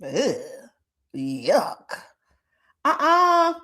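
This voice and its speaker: A lively woman hosts a casual live stream, talking straight to her viewers as she reads their comments aloud. Her voice sits a little high and swings widely in pitch. She laughs often and hums long murmurs of agreement. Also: extremely slow. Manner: chatty, talks straight to viewers.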